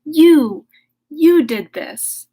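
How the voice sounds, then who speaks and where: A woman's voice: on the high side, moderate pace. Woman playing a blunt, vengeful creature. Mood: scolding. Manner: blunt, scolding. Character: vengeful, resentful male creature.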